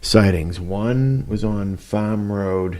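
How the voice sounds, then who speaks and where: A man from Massachusetts with a very low voice talks through the show at an easy pace. He co-hosts in a relaxed way and pauses now and then with fillers. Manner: relaxed, conversational, with hesitations. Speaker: co-host. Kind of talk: casual podcast chat.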